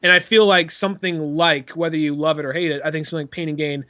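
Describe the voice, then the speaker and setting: A man's voice: on the high side, fairly even intonation, fast talker, bright, forceful tone, muffled recording. A man co-hosting a podcast, talking casually in a loose, rambling way with swearing. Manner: rambling, swears, puts on silly voices. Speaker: podcast host. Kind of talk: casual chat.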